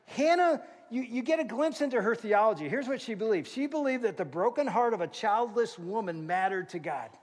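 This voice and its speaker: A middle-aged man preaches in a large church, his voice sitting high for a man and carrying a long reverb through the hall. He tells stories with energy, acting out the lines of the people in them. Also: a little fast, hardly any pauses. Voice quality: animated storyteller, acts out quotes. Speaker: pastor. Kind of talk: sermon.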